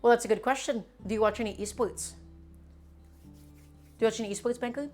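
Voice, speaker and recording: A woman's voice: fairly high pitch, a little fast, a little mellow, faint music behind. A woman chatting casually through a live cooking stream, emphatic and talking to her viewers as friends.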